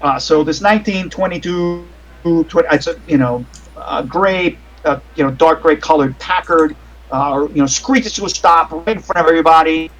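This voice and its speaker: A man's voice: fairly high pitch, normal speed, a bit bright, dull audio. A man running a tabletop game over a voice call, narrating with lots of ums, uhs and restarts. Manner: rambling, with many fillers and restarts. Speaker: game master.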